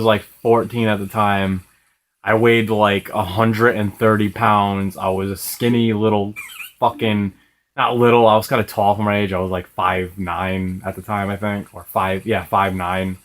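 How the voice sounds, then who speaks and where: A man's voice: fairly low pitch, a bit bright. A young man casually telling a rambling, profane story while playing a video game, laughing now and then. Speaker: gaming video host.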